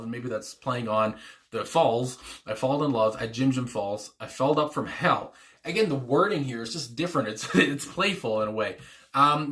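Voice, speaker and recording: A man's voice: mid-range voice, a bit bright. A man hosting a music reaction video, talking casually in a rambling way with many fillers, restarts and chuckles. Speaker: music reaction channel host. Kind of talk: casual spoken reaction commentary.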